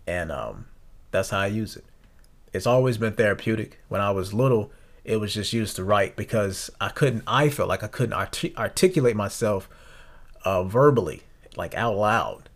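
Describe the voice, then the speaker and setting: A young man hosting a podcast, talking earnestly and reflectively, often halting and restarting his sentences. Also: lowish voice. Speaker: podcast host. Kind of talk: reflective personal talk.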